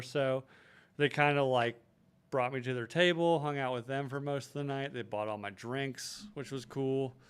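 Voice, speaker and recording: An American man riffs and swears his way through a casual podcast chat. His voice is smooth and clear, sitting in an ordinary middle pitch, and he tosses in quick put-on voices for the bits. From United States. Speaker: podcast co-host.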